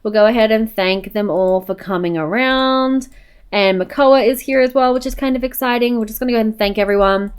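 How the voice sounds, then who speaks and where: Woman, casual game commentary, chatty, smooth clear voice, repeats "go ahead and". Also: on the high side, brisk. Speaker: gameplay narrator.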